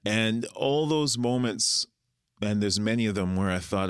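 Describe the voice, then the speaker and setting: Musician guest, low male voice, an animated storyteller, dry studio sound. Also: a little slow, smooth, dry recording. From Canada. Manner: animated storyteller who acts out the people he quotes. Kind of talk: casual interview chat.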